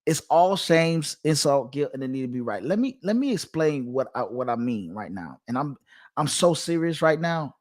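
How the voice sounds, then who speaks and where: A father of two runs his own channel, where he lectures viewers on dating in an emphatic to-camera monologue that returns to the same points again and again. He speaks at a moderate pace, his voice on the high side and sing-song.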